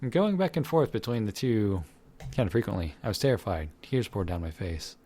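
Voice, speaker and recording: Low-voiced man reading a game aloud. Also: expressive, brisk, dark tone. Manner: dramatic reading with swearing asides. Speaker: let's player. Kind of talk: reading a visual novel aloud with commentary. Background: game music.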